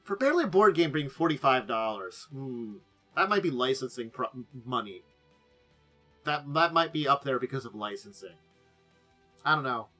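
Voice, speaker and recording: A man's voice: mid-range voice, lively intonation, normal speed, bright, forceful tone, faint music behind. A man hosting a casual talk show about tabletop games, rambling with many fillers and trailing asides.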